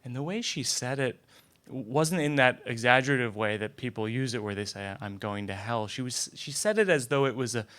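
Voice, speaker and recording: A man's voice: mid-range voice, lively intonation, moderate pace, fairly bright tone. A young man telling a comic personal story in a conversational, self-deprecating way, often stumbling over repeated words. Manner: conversational, self-deprecating, frequent stammered restarts. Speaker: comedian.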